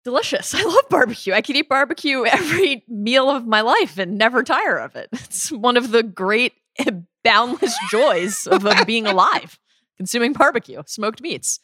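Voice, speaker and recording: Bright, lively woman chatting about food. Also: on the high side, normal speed, no echo, clean studio sound. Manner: enthusiastic, laughing, hesitant restarts. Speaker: podcast co-host. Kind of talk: casual food chat.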